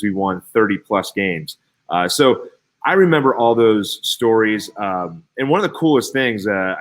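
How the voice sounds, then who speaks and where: Man, 30s, from Cincinnati; lowish voice, chatty interview guest, lively, stumbling restarts. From Cincinnati, Ohio. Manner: animated, chatty, many fillers and restarts. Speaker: guest, former baseball player. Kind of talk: casual interview storytelling.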